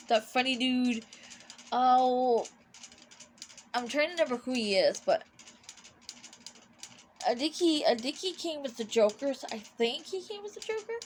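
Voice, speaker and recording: A woman's voice: fairly high pitch, a bit bright, slight background noise. A young woman telling a personal story in a casual, rambling way, with many restarts and fillers. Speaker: vlogger.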